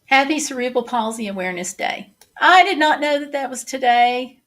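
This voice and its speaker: Her voice sits high and fairly bright as she moves at a moderate pace. She's a middle-aged Southern woman running a laid-back livestream, chatty as she reads comments aloud and replies.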